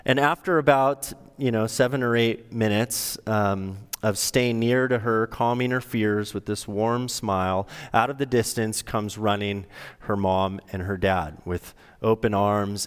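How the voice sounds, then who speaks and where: Middle-aged man, pastor's sermon, smooth resonant voice, long hall echo, conversational storytelling. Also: on the low side. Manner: conversational storytelling with shifting emphasis.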